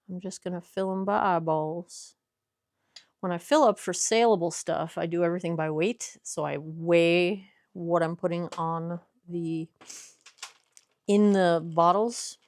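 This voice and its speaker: A woman's voice: lowish voice, fairly even intonation, unhurried, darkish tone, no room sound. A woman casually chatting to viewers as she works in her workshop, explaining steps and correcting herself as she goes. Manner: chatty, explains while working, self-correcting. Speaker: small business owner making skincare. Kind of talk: casual vlog with instructions.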